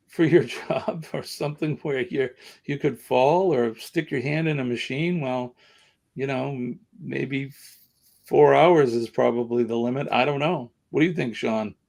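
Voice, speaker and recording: A man's voice: medium pitch, creaky, a little mellow. Rambling chatty Southern American man. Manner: rambling, chatty, many fillers. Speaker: livestream host. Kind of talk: casual live-stream chat.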